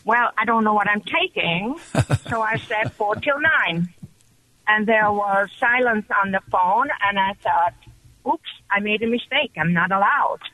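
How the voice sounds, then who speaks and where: A woman calling in to a radio show, telling her story in an excited, chatty way. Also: mid-range voice, unhurried, dry recording. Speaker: caller. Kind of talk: call-in radio testimony. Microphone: telephone. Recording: muffled phone line.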